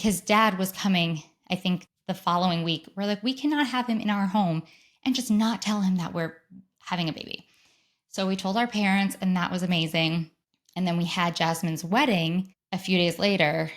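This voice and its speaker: A woman in her thirties hosting a solo podcast, telling a personal story in a chatty, excited way and acting out the voices of the people she quotes. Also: on the low side. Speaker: podcast host.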